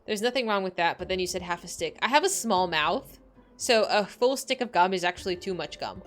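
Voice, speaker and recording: With soft music in the background, a woman streamer with a lowish, expressive voice chats briskly with her viewers while gaming. She rambles, says "like" constantly, and reads game dialogue aloud.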